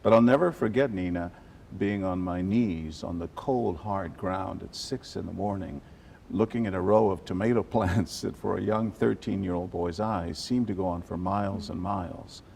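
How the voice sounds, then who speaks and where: An older man from South Texas, an animated storyteller who drops Spanish phrases into his answers during an interview. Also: low voice, normal speed, gravelly, a little hiss or hum. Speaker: journalist guest.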